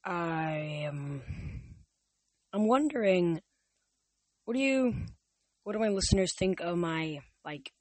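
Young man, podcast reader, casual halting read-aloud, dry voice. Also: sits high, lively intonation, no echo. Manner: halting, with restarts and fillers. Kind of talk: casual audiobook reading.

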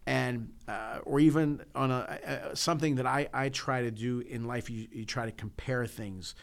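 A middle-aged man chats on a talk show and rambles through a personal story. He keeps restarting his sentences and drifts between asides. His voice sits at an ordinary pitch for a man. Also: fairly even intonation, moderate pace, gravelly. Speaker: podcast co-host. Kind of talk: casual chat.

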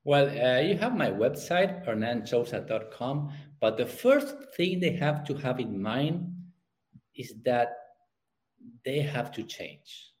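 A middle-aged man with a Spanish accent coaches parents on youth sports, speaking at a medium pitch and a slow pace in a conversational interview. He repeats words while hunting for the right phrasing and gets animated when he tells stories. The recording is rough.

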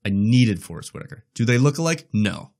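A man co-hosting a podcast, chatting about a film in an animated, joking way with many "like" fillers. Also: lowish voice, brisk. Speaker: podcast co-host. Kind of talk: casual film discussion.

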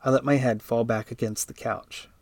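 Guy narrating a story, mid-pitched voice, super dry no room sound. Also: steady tone, moderate pace, no room sound. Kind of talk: first-person story reading.

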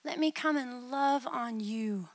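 A woman voicing Jesus as a gentle, unhurried man who speaks softly and invitingly, in a retold vision. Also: fairly high pitch. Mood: tender.

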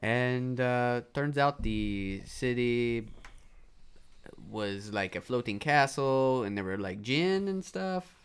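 A man's voice: mid-range voice, lively intonation, takes it slowly, clear, resonant tone. A man playing a tabletop game, rambling loosely through his story with fillers. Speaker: player. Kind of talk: casual tabletop game play.

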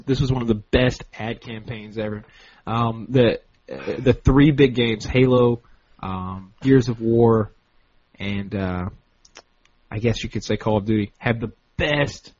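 A man's voice: fairly low pitch, darkish tone, no echo, highs cut off. A man co-hosting a podcast, chatting casually, enthusiastic and pushy, swearing freely. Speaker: podcast co-host. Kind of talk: casual chat.

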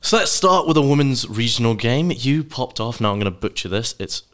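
A man's voice: mid-range voice, animated, fairly quick, fairly bright tone. A man from Scotland with an English-sounding accent, co-hosting a cricket podcast with upbeat enthusiasm. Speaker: podcast co-host. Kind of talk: casual sports chat.

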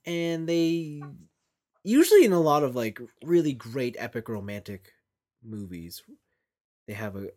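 Lively Canadian podcast co-host, laughing often. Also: mid-range voice, unhurried, long pauses. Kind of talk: casual chat.

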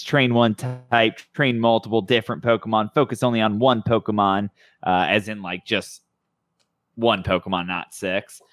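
Bright-voiced rambling male podcast host. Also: on the low side, dry recording, clean studio sound. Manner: rambling, self-correcting, laughs often. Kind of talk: casual podcast chat.

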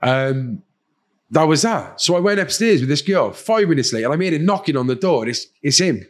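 A podcast guest with a fairly high voice and lively intonation speaks at normal speed, candidly telling his own story. He's blunt and swears heavily, acting out other people's lines in quoted voices.

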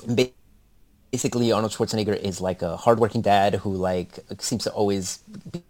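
Low-voiced man, rambling and profane. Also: fairly quick. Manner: rambling, profane, animated retelling. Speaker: podcast co-host. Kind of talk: casual movie chat.

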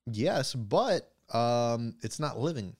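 A man's voice: medium pitch, lively intonation, slow. A man co-hosting a podcast in loose, joking banter with his co-host. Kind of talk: casual chat.

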